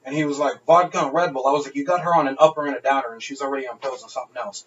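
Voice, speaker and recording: A man's voice: mid-range voice, fairly even intonation, rapid-fire, fairly bright tone, recorded from a distance, lo-fi sound. A man on a podcast telling a wild night-out story in casual, profane, laughing chat. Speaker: podcast co-host.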